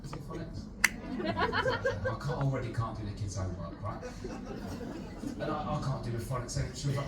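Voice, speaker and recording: A man's voice: medium pitch, fairly quick, loud music behind the voice. A man doing a stand-up comedy routine, telling a story full of swearing and acted-out voices. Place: live comedy venue with audience. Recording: roomy live venue, distant mic, loud crowd noise. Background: loud audience laughter.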